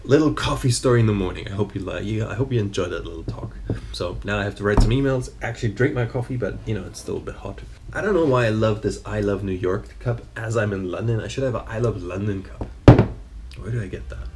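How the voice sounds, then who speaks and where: Heavy background noise surrounds this mid-thirties fitness vlogger, whose lowish, creaky voice moves quickly. He chats casually to camera, swapping stories and cursing without restraint.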